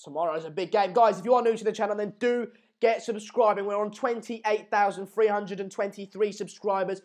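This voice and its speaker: A man's voice: high-pitched, steady tone, a little fast, darkish tone. A young man hosting a live football watchalong stream, calling the play and chatting through viewer comments in a casual, joking way.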